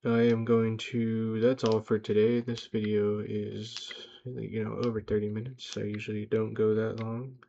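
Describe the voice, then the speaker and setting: A man's voice: lowish voice, flat delivery, measured pace, creaky, few pauses, dark tone. A young man rambling through a casual, profane, self-hyping motivational monologue for his vlog, talking to himself in a car. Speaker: vlogger. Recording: dull lo-fi sound.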